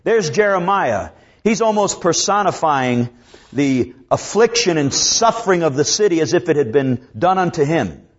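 A man with a fairly high voice preaches a sermon, slowing down to draw out scripture and swinging from urgent peaks to hushed lows. The recording is dull and lo-fi. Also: sing-song. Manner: preaching with dramatic rises and drops; slows down to draw out scripture quotes.

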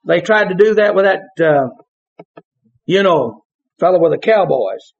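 A high-voiced preacher whose pitch leaps and dives as he tells his stories. He shouts out his punchlines and laughs along with the congregation. The recording is dull and lo-fi, like an old sermon tape. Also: expressive, a little slow, gravelly.

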